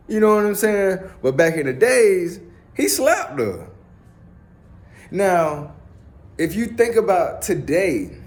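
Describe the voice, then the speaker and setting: Blunt, profane man talking slowly. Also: on the high side. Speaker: commentator. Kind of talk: casual opinionated monologue.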